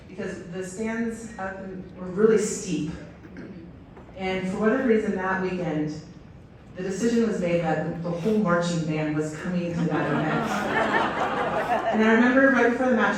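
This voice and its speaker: A woman's voice: fairly low pitch, a little hiss or hum. A woman coach giving an enthusiastic storytelling speech to a stadium crowd, with many fillers. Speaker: head volleyball coach, guest speaker. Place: outdoor stadium. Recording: echoey stadium PA from far off.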